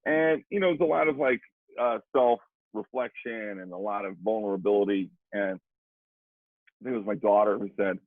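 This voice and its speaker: A middle-aged man speaks in a husky voice, rambling through an animated story and repeating himself as he talks. The sound is tinny and phone-like, with a dry, close feel and no room around it. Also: fairly low pitch, moderate pace, no echo. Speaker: guest drummer and educator. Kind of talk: casual storytelling conversation.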